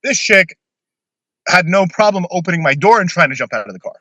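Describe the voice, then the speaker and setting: A man's voice: sits high, big pitch swings, a little fast, pushed and bright, no room sound. A man casually telling a long personal story on a podcast, blunt and swearing freely.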